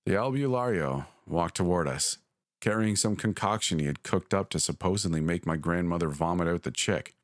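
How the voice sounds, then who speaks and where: A man with a very deep voice narrates a scripted horror story. He speaks in a measured, deliberate way, and the recording is dry and close. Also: no echo. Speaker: podcast narrator.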